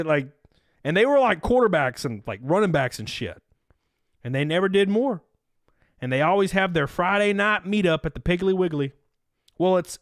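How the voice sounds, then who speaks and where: Animated, profane man telling stories. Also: fairly high pitch, dry recording, studio quality. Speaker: livestream host. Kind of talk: casual storytelling to a live chat.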